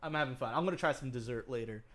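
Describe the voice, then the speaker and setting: With a mid-range, fairly bright voice, a young podcast co-host talks rapid-fire through a wandering cooking story on a casual chat show, swearing a lot and laughing frequently as he gets heated.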